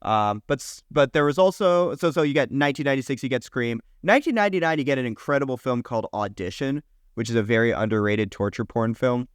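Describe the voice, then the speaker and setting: A man's voice: medium pitch, expressive, clear, resonant tone, dry recording, clean studio sound. A young man co-hosting a podcast, eagerly running through film history year by year and swearing casually. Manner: enthusiastic, listing years in quick bursts, swears casually. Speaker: podcast co-host.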